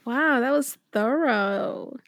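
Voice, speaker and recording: A woman's voice: on the high side, takes it slowly, creaky, fairly bright tone, no room sound, clean studio sound. Wry woman podcast co-host. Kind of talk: casual chat.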